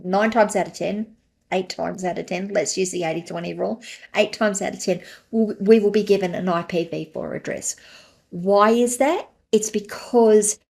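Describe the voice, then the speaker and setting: A woman's voice: medium pitch, moderate pace, gravelly, darkish tone. A woman hosting a solo podcast, explaining technical terms in a conversational way with everyday analogies. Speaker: podcast host.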